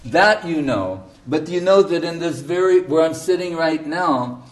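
A man's voice: on the high side, lively intonation, moderate pace, distant mic. A man preaching as a spiritual teacher, emphatic and storytelling. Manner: emphatic, storytelling, often laughing. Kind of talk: sermon.

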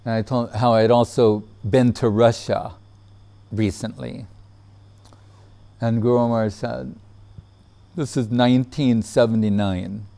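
A man telling a personal memory in casual storytelling, relaxed, laughing often and acting out what others said. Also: mid-range voice, unhurried, gravelly, pauses often.

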